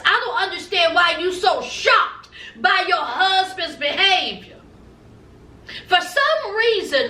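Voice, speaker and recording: Woman, high bright voice, sassy TV-recap gossip, roomy far-off mic sound. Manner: sassy, gossipy, acts out the cast's lines. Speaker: recap vlogger. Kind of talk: casual TV recap commentary. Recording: echoey room, mic at a distance.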